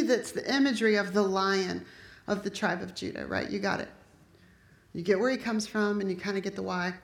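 In an echoey room, a woman with a gravelly, mid-range voice preaches a sermon. Her style is chatty and conversational, sprinkled with joking asides to the congregation.

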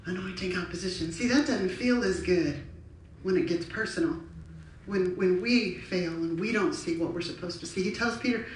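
A woman's voice: fairly low pitch, normal speed, distant mic, slight background noise. Passionate woman preacher in echoey hall. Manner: passionate, animated storytelling. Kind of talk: sermon.

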